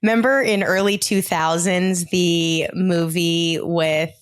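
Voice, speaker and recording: Woman, therapist co-host; low, close and dry sound; brisk, playful, salty chat. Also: fairly even intonation, clean tone, dry recording. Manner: brisk and playful, swearing freely. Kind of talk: casual podcast chat.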